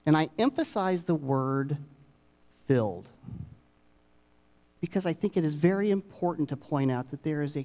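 A middle-aged man preaching a sermon, dropping to hushed asides and rising to emphatic peaks with dramatic pauses. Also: medium pitch. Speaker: pastor.

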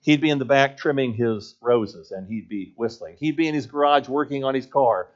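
A man's voice: mid-range voice, normal speed, muffled recording. A man preaching a sermon as a pastor, telling a story in an earnest voice and building points through repetition.

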